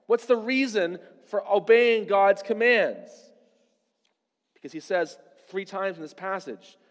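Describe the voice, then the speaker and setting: Guy preaching in a big echoey church, high voice, chatty asides and questions to the crowd. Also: expressive, unhurried. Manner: conversational preaching with rhetorical questions. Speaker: pastor. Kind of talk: sermon.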